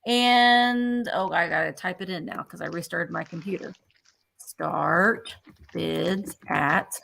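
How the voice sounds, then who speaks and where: A woman's voice: on the low side, slow, vocal fry, a bit bright, slight background noise. A woman hosting a live vintage sale who chats enthusiastically and gushes over each item as she presents it. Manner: gushing, chatty, enthusiastic about items. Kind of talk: live selling stream.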